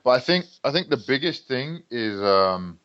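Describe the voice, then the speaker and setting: A man's voice: mid-range voice, normal speed, muffled recording. A man with a British accent, a guest on a podcast, telling stories in casual chat and acting out the people he quotes. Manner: relaxed storytelling, acts out quoted people.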